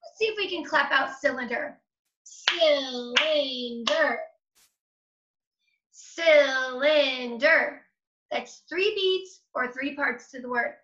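A woman teacher giving a phonics lesson to children, gentle and encouraging, sounding out words slowly. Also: sits high, expressive, reverberant, muffled recording.

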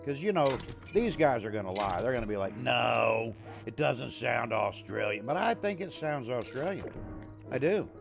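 Male streamer, lively pitch, casual banter with his chat. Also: brisk, over music. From USA. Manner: chatty, talks to his chat and his dog, jokey. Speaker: streamer playing a survival game.

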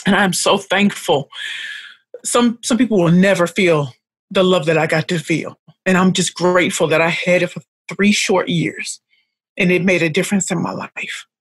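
A woman's voice: on the low side, moderate pace, slightly rough, dry recording. A middle-aged woman, emotional and close to tears, tells her life story as a podcast guest. She leans on repetition and stacked phrases to hammer each point home. The sound is dry and close, with no room around her. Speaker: podcast guest, pitch coach.

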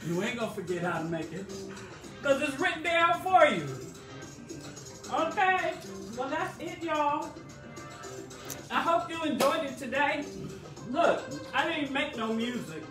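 A woman's voice: high-pitched, lively intonation, measured pace, reverberant, music in the background. Chatty woman hosting a cooking stream. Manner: chatty, exclamatory, coaxing the viewers. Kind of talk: casual live cooking demonstration.

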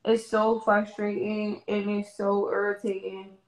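A woman's voice: mid-range voice, flat delivery, unhurried, echoey room, low-quality recording. A young woman venting on a live stream in an exasperated, profane way.

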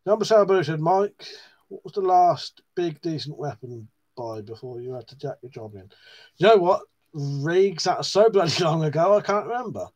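A man's voice: on the high side, lively intonation, moderate pace, a little mellow. A man hosting a live stream, reading viewers' comments aloud in a casual, chatty way, swearing often and laughing at himself.

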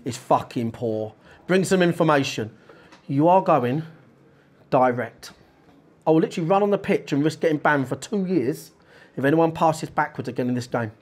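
A man's voice: on the high side, lively intonation, normal speed. A man giving a blunt, urgent half-time team talk to his players as football manager, swearing freely.

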